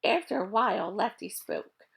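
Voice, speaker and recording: A woman reading a children's chapter book aloud in a lively, expressive way. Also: mid-range voice, moderate pace, gravelly, breathy edge. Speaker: reader. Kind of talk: storybook read-aloud.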